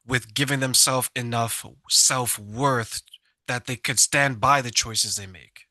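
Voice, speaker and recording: A man hosting an interview, asking questions in a measured, inquisitive way. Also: medium pitch, sharp tone, no room sound. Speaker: interview host.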